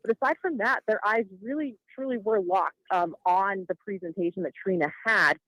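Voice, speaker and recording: A woman court reporter giving a measured, detailed live report with occasional uhs. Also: medium pitch, a bit bright, no echo. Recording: dull, dry remote feed.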